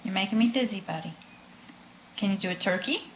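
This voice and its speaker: A mother patiently coaxes her toddler through a home video with sing-song prompts. Her voice sits at a middle pitch. It rings in an echoey room with a faint hiss behind it. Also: brisk. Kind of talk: home video, coaxing a small child.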